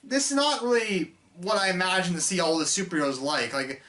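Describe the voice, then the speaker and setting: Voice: medium pitch, a little fast, fairly bright tone. A film reviewer talking casually in an unscripted rant, rambling and exasperated, with lots of fillers and restarts.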